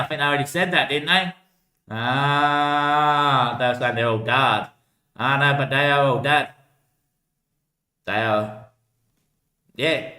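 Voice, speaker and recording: A man's voice: fairly high pitch, sharp tone, echoey room. A man rambling to himself, answering his own remarks and swearing freely.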